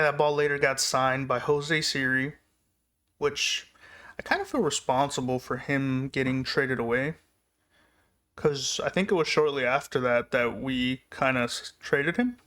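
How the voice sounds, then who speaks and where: A young man casually recounting personal memories in a rambling, laughing way. His voice sits at a middle pitch and he grows excited as he relives the moments. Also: a little slow, pauses often. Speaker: vlogger. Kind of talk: casual storytelling.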